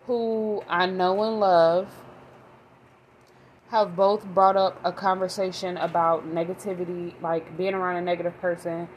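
A woman's voice: lowish voice, flat delivery, unhurried, highs cut off, a little hiss or hum. A young adult woman, a mother, rambling casually to her viewers with lots of fillers and restarts. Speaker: vlogger. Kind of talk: casual rambling talk to camera.

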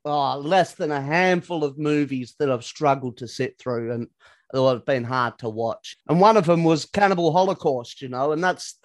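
Higher-pitched man, blunt and rambling. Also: moderate pace, no echo, studio quality. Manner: rambling, blunt, swears, says "you know" often. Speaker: podcast co-host. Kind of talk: casual chat.

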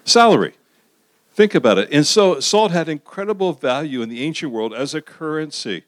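A middle-aged pastor preaching a sermon in a conversational way, asking the audience questions and repeating phrases for emphasis. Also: male voice, fairly high pitch, lively intonation, fairly quick, no echo, clean studio sound.

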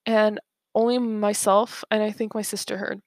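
A woman's voice: mid-range voice, level tone, normal speed, no echo, clean studio sound. A young woman hosting a podcast, telling a story in a chatty way with lots of fillers and restarts, and getting worked up. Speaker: podcast host. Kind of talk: casual storytelling monologue.

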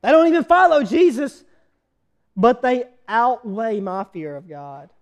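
A man preaching a sermon, retelling a scripture story with animated energy and quizzing his listeners. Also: very high voice, unhurried, muffled recording.

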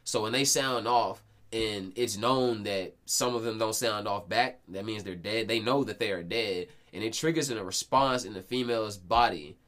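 A man in his twenties hosting a podcast, telling stories in casual, slangy talk full of swearing and quick restarts. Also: lowish voice, a bit bright. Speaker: podcast host. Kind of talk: casual chat.

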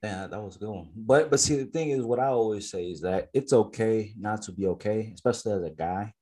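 A man's voice: lowish voice, a little fast, dark tone, husky. A man co-hosting a podcast in casual chat, reflective, full of fillers and restarts. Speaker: podcast co-host.

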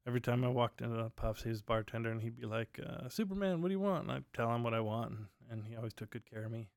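His delivery is completely flat and rapid-fire, his mid-range voice creaky, as this man chats alone on his podcast at home at night. The stories ramble and brim with fillers, recorded dry in clean studio sound.

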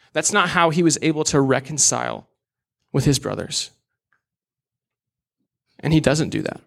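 Young man preaching, gravelly voice. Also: medium pitch. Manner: earnest, candid, with casual asides. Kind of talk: sermon.

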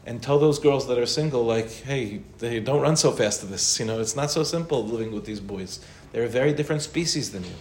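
A man's voice: medium pitch, brisk, few pauses, a little mellow. A man, a rabbi, giving an informal Torah class in a conversational way, mixing in Hebrew and Yiddish terms. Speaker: rabbi answering questions. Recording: roomy echo with faint noise.

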